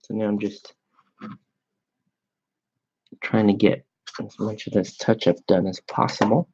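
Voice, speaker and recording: Slow-talking man chatting while painting. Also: fairly low pitch, steady tone, a little mellow, husky. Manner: slow, rambling, self-amused. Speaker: miniature painting hobbyist. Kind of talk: casual chat while painting. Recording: dull lo-fi sound.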